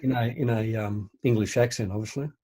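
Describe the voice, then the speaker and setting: A man's voice: fairly low pitch, steady tone, a little fast, warm tone, breathy edge. Older aussie bloke on a podcast, rambles, trips over his words, laughs a lot. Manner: rambling, hesitant, laughing easily. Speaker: podcast co-host. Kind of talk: casual chat.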